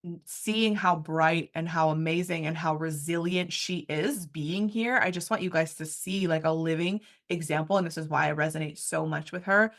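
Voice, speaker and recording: A woman's voice: low voice, normal speed, few pauses. A woman in her thirties hosting a heartfelt interview, gushing and effusive, with lots of "like" and "you know". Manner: effusive, gushing, filler-heavy. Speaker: interview host.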